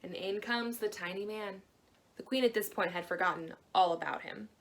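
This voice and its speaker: A woman librarian telling a fairy tale to children in a gentle, expressive way. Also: mid-range voice, moderate pace. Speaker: librarian storyteller. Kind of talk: storytelling to children.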